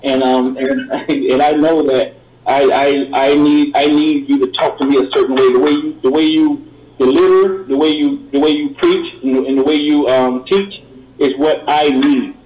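Earnest halting middle-aged man calling in. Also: mid-range voice, fairly even intonation, a little mellow. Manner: earnest, halting, many repeated words. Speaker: caller. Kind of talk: call-in testimony. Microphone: phone call. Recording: roomy call-in line.

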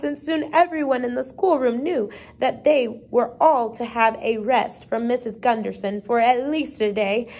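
A woman reads a storybook chapter aloud at a steady, measured pace. Her voice sits a little higher than most. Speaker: reader.

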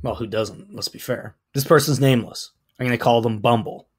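A man co-hosting a podcast in casual chat, reading things aloud with a blunt, wry, deadpan delivery. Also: medium pitch, brisk, breathy edge. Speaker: podcast co-host.

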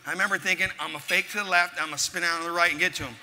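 A man with a high, bright, hard-edged voice speaks at a live event. He tells stories and pushes motivational points in short, punchy bursts. The sound carries a long echo from a large hall, with faint room noise underneath. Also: fairly even intonation, very fast. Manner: forceful, punchy storytelling. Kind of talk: motivational speech. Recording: echoey hall, faint crowd ambience.

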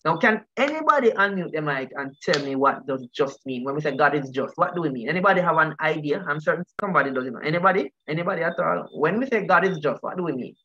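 A man teaching a Bible study as pastor, with a bright, forceful voice that often repeats itself as he puts questions to his listeners. His voice reaches us through dull, lo-fi online call audio. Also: a little high, expressive, quick pace, few pauses. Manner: repeats words, asks the group questions.

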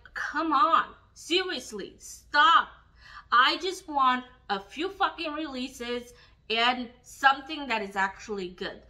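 A woman's voice: sits high, bright, forceful tone, low-quality recording. A young woman from Romania, a beauty vlogger, ranting angrily and swearing while she does her makeup. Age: young adult. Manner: angry, swearing rant.

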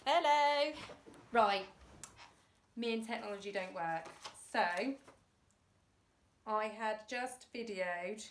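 Animated woman teacher reading aloud, roomy. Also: medium pitch. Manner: animated, chatty asides. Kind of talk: children's book read aloud. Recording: roomy room, distant mic.

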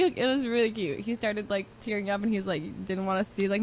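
A young woman streamer telling a story in an animated way, acting out what others said and often breaking into laughter. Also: medium pitch, fast talker, few pauses, slight background noise. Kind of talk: animated storytelling with quoted voices.

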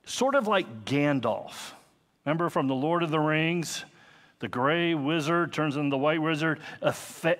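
A man's voice: a little high, normal speed, a bit bright. A man in his fifties preaching a sermon as pastor, earnest and conversational, with personal asides. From United States. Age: 50s.

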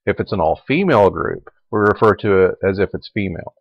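A man with a lowish voice gives a Latin lecture, talking through the grammar at an easy pace and repeating the forms aloud. The sound is dry and close, with little room around it. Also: animated, fairly quick, vocal fry, no room sound, muffled recording. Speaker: Latin teacher. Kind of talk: recorded lecture.

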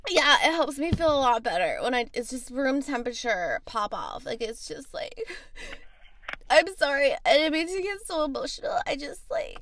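A woman's voice: sits high, very animated, moderate pace, a bit bright, slight background noise, heavily acted. Woman putting on a whiny valley-girl socialite. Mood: ditzy. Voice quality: drawling valley-girl talk. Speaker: prank caller. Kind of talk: prank phone call.

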